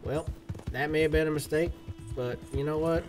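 A man's voice: on the high side, fairly even intonation, normal speed, darkish tone, faint music behind. A man casually commenting on a live game stream, joking in a playful, folksy cowboy drawl.

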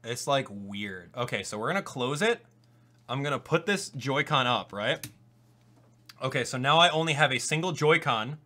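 A young man giving casual live-stream commentary on a video game, swinging from low mumbles to loud disbelief. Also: animated, moderate pace. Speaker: gaming YouTuber.

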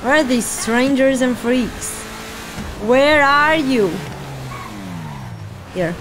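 A woman giving casual let's-play commentary, excitable and cheering on or scolding her character. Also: high-pitched, extremely slow, background noise. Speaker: gaming channel host.

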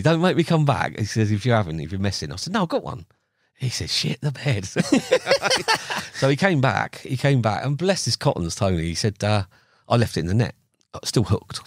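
Middle-aged male guest, low lively voice, yarn-spinner who acts out quoted dialogue, dry close mic. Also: husky, no echo. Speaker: podcast guest, carp angler. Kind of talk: casual storytelling.

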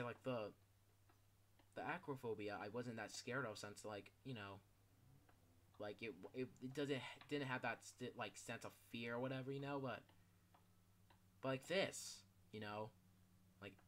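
Rambling bright-voiced teen gamer. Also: medium pitch, a little hiss or hum. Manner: rambling, filler-heavy, swears casually. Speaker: gaming YouTuber. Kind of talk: casual gameplay commentary.

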